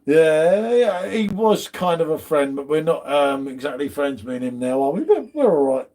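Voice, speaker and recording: A man's voice: a little high, big pitch swings, normal speed, dark tone. A man hosting a casual live beer stream from home, bantering, swearing and greeting viewers in chat. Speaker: beer channel host.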